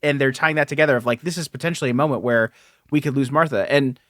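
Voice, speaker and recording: Seorang pria membawakan podcast bersama, mengobrol santai tentang komik, sering tertawa dan cepat menyetujui lawan bicaranya. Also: male voice, medium pitch, fast talker, fairly bright tone, no room sound, studio quality. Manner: chatty, laughs often, eager agreement. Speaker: podcast co-host. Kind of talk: casual comic book discussion.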